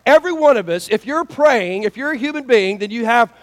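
A man preaching a sermon as pastor, in a folksy, animated storytelling manner with lots of fillers. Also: very high-pitched, a little fast.

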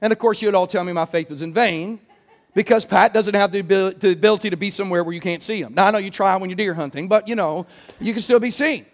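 Man, pastor, very high voice, animated, jokey, emphatic sermon. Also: fast talker. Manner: animated, joking, emphatic preaching.

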